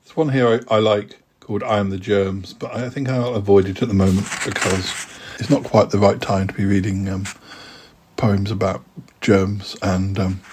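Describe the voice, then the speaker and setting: A man's voice: on the low side, fairly even intonation, normal speed, darkish tone, slight background noise. A middle-aged man hosting a podcast, chatting hesitantly with many fillers and reading his own poems aloud. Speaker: podcast host and poet. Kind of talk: casual chat and poetry reading.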